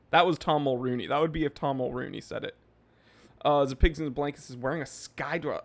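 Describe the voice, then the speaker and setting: Reading out comments from his viewers, a thirtysomething livestream host banters and jokes with the chat in a relaxed way. He talks quickly in a creaky, medium-pitched voice.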